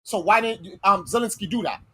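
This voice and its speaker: A woman with a husky, breathy voice holds forth on her podcast. She argues her point bluntly and heatedly, swearing freely in loose, casual talk. Her pitch sits in the middle of the usual range. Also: animated, a little fast, bright, forceful tone, rough recording. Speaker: podcast host. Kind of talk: casual chat.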